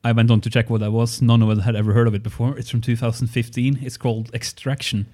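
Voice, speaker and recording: A man's voice: mid-range voice, level tone, fast, mellow. A man in casual chat with friends, hesitant, with lots of fillers. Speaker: podcast co-host.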